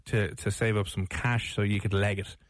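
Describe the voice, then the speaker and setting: A man's voice: on the low side, level tone, normal speed, dry recording, clean studio sound. Jokey Irish male radio host. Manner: teasing, jokey. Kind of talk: casual radio chat. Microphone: studio microphone.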